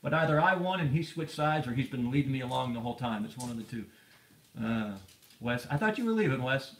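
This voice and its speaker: A man's voice: mid-range voice, expressive, a little fast. A man hosting a casual live stream, rambling and reading viewer comments aloud. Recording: echoey room, faint noise.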